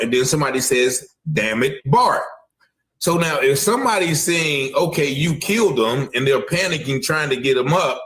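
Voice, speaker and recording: A man's voice: mid-range voice, a bit bright. A man commenting on a live stream, speculating and hedging as he repeats himself. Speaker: online commentator.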